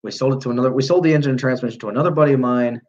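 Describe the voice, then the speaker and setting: This young livestream host talks rapid-fire in a mid-range, slightly mellow voice, with the highs cut off in the recording. Casual and rambling, he tells a long story loaded with swearing and self-corrections.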